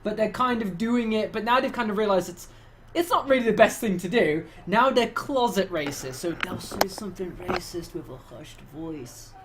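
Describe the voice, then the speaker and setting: A man's voice: high voice, expressive, moderate pace, fairly bright tone, a little hiss or hum. A young man from England with an English accent, chatting casually as a game-master host, swearing a lot and mimicking other people's voices. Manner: swearing, mimicking voices, laughing at his own jokes. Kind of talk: casual banter between game sessions.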